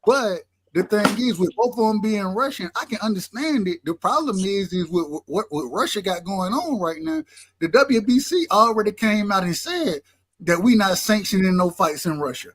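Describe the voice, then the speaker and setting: A man's voice: high voice, sing-song, moderate pace, a bit bright, no echo. A man debating boxing as a panelist on a live talk stream, cutting in with repeated "hold on". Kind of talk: casual sports debate.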